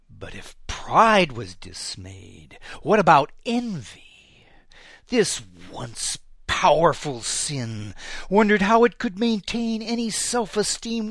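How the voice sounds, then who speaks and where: A man's voice: a little high, fairly bright tone, dry recording. A man giving a dramatic scripted narration in a theatrical manner, often dropping to a whisper.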